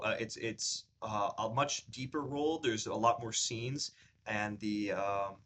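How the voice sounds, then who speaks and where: A man chats through his latest vlog with a bright, forward tone, his words tumbling out in loose restarts and ums. He speaks at an ordinary middle pitch, lifted a little from his usual deeper register, with a faint hum of room noise underneath. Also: fairly even intonation, unhurried. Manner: rambling, upbeat storytelling with many fillers and restarts; says his pitch rises above his normal low voice when he talks at length. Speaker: vlogger sharing his acting journey. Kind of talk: casual vlog chat.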